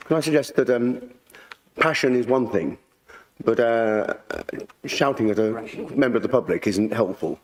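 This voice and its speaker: Measured, halting councillor, a man. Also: medium pitch, slight background noise. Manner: measured, halting, repeats words. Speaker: councillor raising a point of order. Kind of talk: point of order in a council meeting. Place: council chamber.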